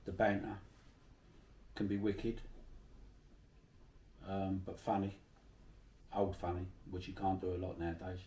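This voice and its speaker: A man's voice: sits low, level tone, a little slow, long pauses, warm tone, echoey room, far from the mic, a little hiss or hum. A middle-aged man from Bermondsey with a South London accent, telling salty stories in a casual interview. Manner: chatty, salty, swears freely while telling anecdotes.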